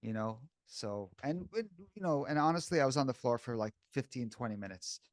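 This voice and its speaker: A man's voice: mid-range voice, lively intonation, a little fast, dry recording, clean studio sound. A man co-hosting a podcast, talking casually and candidly and calling the other host "bro" and "dude".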